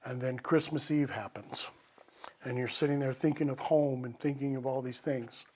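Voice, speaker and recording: A man's voice: medium pitch, steady tone, moderate pace, a little mellow. Reflective man telling holiday stories. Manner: reflective, wandering with restarts. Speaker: storyteller. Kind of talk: live storytelling and poetry reading.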